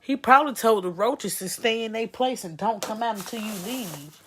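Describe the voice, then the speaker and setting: A woman's voice: fairly high pitch, expressive, moderate pace, fairly bright tone. A woman appearing as a guest friend, giving emphatic, disgusted, profane commentary in casual talk.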